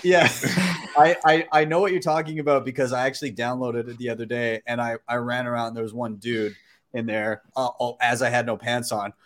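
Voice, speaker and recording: A man's voice: mid-range voice, a little fast. Laid back guy hosting a live chat, lots of uhs, laughs easy. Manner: relaxed, laughing, filler-heavy. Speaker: host. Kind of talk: casual livestream chat.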